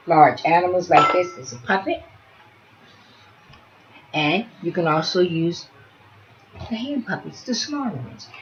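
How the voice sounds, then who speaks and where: An early childhood education teacher, a woman with a fairly low voice, talks through a demonstration while murmuring softly to pretend infants. The lo-fi recording carries slight background noise.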